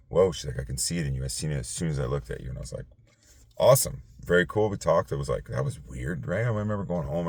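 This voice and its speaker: A man's voice: extremely low pitch, no echo, clean studio sound. A tired man hosting a casual late-night talk show, rambling with many fillers and restarts. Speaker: podcast host.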